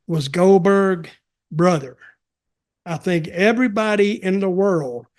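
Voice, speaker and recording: A man's voice: high voice, a little mellow. An older man, hosting a podcast and telling wrestling stories in a folksy, rambling way. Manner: rambling, folksy, repeats himself. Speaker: podcast host, wrestling veteran. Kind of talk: casual storytelling chat.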